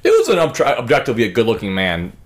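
A fast-talking podcast host in his twenties has a mid-range voice with wildly swooping pitch. He rambles through crude, profane stories, voicing what others said.

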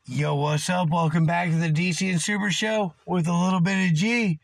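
A man hosting a podcast in a loud, profane, rowdy rant at home. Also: sits high, steady tone, normal speed, no room sound. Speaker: podcast host. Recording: rock music blaring behind. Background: loud rock music.

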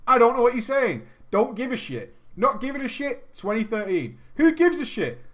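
A man tells a gaming story and keeps breaking off for jokes and mock outrage. His voice sits high, and he curses freely and laughs between lines. His tone swings widely from phrase to phrase. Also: sing-song, normal speed, a bit bright. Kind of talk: comic reading with commentary.

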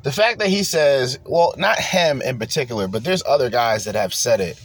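Blunt slangy dude ranting in his car, voice jumps all over, middle pitch. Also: expressive, moderate pace, dry recording. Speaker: podcast host. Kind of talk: profane ranting commentary.

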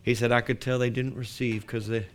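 A man's voice: medium pitch, little pitch movement, a little fast. A man preaching a sermon as pastor, building to emphatic declarations.

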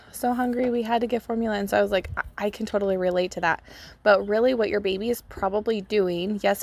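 A woman's voice: medium pitch, vocal fry. A young woman hosting a podcast, telling a personal story in a casual, chatty way full of "like" and "um", recorded outdoors. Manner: chatty, lots of "like" and "um". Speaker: podcast host. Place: outdoors, child playing in water nearby.

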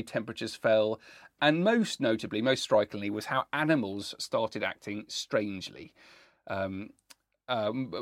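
A man from the United Kingdom co-hosting a history podcast, telling a personal story with enthusiasm and many pauses and ums. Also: a little high, dry recording, studio quality. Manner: enthusiastic, musing, with frequent ums. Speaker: podcast co-host. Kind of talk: storytelling, reading out historical accounts.

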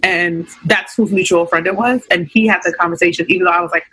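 A woman's voice: lowish voice, brisk, hardly any pauses, pushed and bright, husky, low-quality recording. Young woman telling a candid story. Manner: candid storytelling, acts out quotes. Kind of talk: casual chat.

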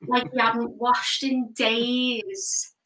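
Woman doing standup, slow deadpan delivery, echoey room, mic kinda far. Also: fairly high pitch. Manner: deadpan storytelling with crude punchlines. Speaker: stand-up comedian. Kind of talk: stand-up set. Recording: roomy echo from a distant mic.

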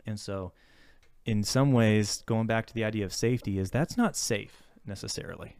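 A man talks through his ideas in a relaxed podcast conversation, speaking as a therapist. His voice is smooth, with a clean resonance. The recording is close and dry, and he pauses, restarts and searches for words as he reflects. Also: on the low side, no room sound.

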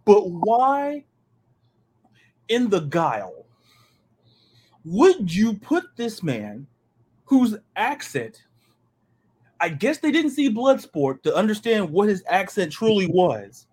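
A man from the American South co-hosting a podcast, talking in an animated, ranting way and stumbling over repeated words when excited. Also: high voice, slow, long pauses, breathy edge. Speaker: podcast co-host. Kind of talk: casual sports chat.

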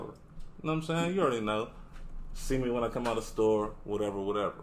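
A man hosting a casual group talk show, telling a story in an animated, slangy way, often repeating himself. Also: lowish voice, fast talker, a little hiss or hum. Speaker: podcast host.

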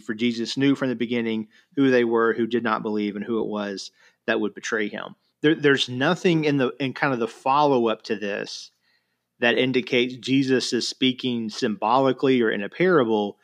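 A man's voice: mid-range voice, moderate pace. Man in casual Bible discussion. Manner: conversational, quotes scripture with voiced asides, many fillers.

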